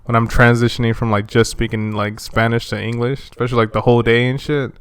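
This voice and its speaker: A man's voice: medium pitch, flat delivery, fast, clean tone, no echo, clean studio sound. A man hosting a podcast in a casual, slangy chat, tossing in bro at every turn. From United States. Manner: slangy, laid-back, says bro a lot. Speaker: podcast host.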